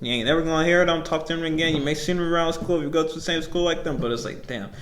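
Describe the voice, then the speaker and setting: A young man of nineteen talks alone into his podcast mic. His talk is loose and rambling and full of swearing, and he laughs often between lines. His voice sits a bit higher than most men's. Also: rapid-fire, echoey room, background noise. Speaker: podcast host. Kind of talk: casual solo podcast storytelling.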